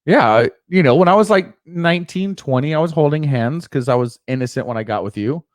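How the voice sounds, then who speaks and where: A man's voice: a little high, animated, brisk, dry recording, clean studio sound. A man co-hosting a casual podcast, joking crudely and reading out listener comments. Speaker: podcast co-host. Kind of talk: casual chat.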